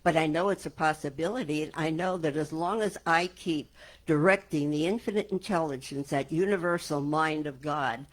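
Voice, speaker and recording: A woman minister speaking to her congregation in a calm, earnest and reflective way. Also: deep voice, normal speed. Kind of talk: reflective sermon talk. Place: church sanctuary before a congregation.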